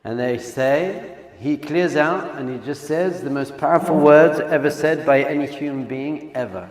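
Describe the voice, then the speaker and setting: A man, a rabbi, giving an animated Torah class, swinging between hushed lines and loud exclamations. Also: a little high, moderate pace, hardly any pauses. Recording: echoey hall sound effect.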